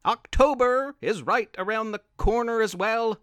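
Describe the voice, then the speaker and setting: A man narrating a children's story as the show's host, in an animated, expressive way. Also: high-pitched, a little slow, clean tone, no room sound. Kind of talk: scripted kids' story narration.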